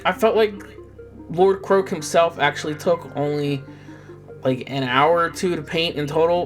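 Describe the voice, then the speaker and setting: A young man who paints miniatures, chatting casually and rambling with jokes and swearing, often trailing off. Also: mid-range voice.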